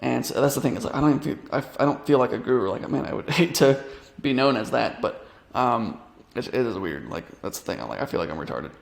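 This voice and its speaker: A man's voice: mid-range voice, lively intonation, fast talker, gravelly, reverberant. A young man coaching online business, talking through a casual screen-share tutorial in a rambling way, with many fillers and restarts.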